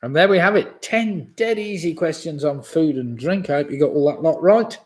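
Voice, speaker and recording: A man's voice: fairly high pitch, lively intonation, normal speed. A man in his sixties hosting a live online pub quiz. He reads each question twice and chuckles at his own jokes. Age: 60s.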